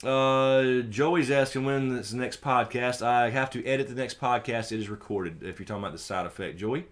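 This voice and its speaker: A man with a Southern American accent runs a laid-back live stream and takes questions from the chat. His voice sits at an ordinary middle pitch. He slides from quiet mumbling into loud, animated bursts, with plenty of casual cursing. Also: moderate pace. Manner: swings between muttering and loud animated outbursts, swears freely; reads viewer questions aloud and answers them.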